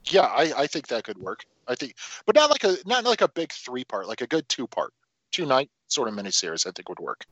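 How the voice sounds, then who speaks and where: A man's voice: mid-range voice, big pitch swings, a little fast, a bit bright, husky, dry recording, muffled recording. A man co-hosting a casual film podcast, talking animatedly and swearing freely. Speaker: podcast co-host.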